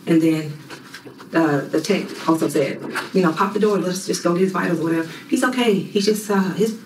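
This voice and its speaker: A woman's voice: deep voice, fairly quick. A woman secretary giving a plain step-by-step account in a recorded interview. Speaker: jail unit secretary being interviewed. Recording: echoey room, mic far off, faint noise.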